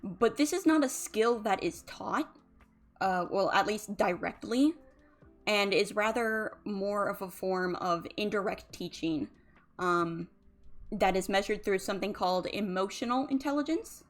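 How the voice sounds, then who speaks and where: A woman's voice: mid-range voice, lively intonation, measured pace, soft background music. A woman, a drowsy, yawning streamer who rambles casually about emotions with lots of fillers. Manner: rambling, chatty, many fillers. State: sleepy, yawning.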